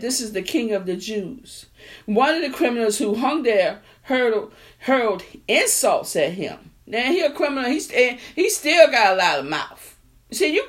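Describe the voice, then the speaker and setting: A woman preaching a sermon. She reads scripture quietly, then preaches in a casual way, repeating her refrain with rising fervor. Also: high voice. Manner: builds from quiet reading to fervent, repetitive preaching; colloquial, drops verbs in speech.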